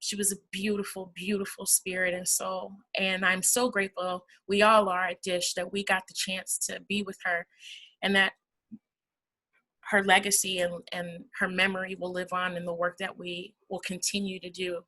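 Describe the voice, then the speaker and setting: A woman's voice: lowish voice, completely flat delivery, moderate pace, sharp tone, poor audio. A woman hosting a virtual fundraiser over a video call, talking in a casual, heartfelt way and calling the audience y'all. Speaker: event host for a housing nonprofit.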